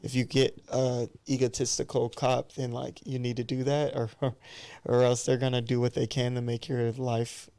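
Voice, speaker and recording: Man, thirties, podcast guest, reflective and rambling, clear resonant voice. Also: medium pitch, little pitch movement, moderate pace, dark tone, dry recording. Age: 30s. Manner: candid, reflective, loose and rambling. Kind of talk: casual podcast conversation.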